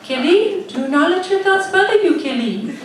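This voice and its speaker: A serene, high-pitched meditation guru with a soothing sing-song lilt, as a woman puts her on. It comes through an echoey room, picked up from a distance. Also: expressive, normal speed, background noise.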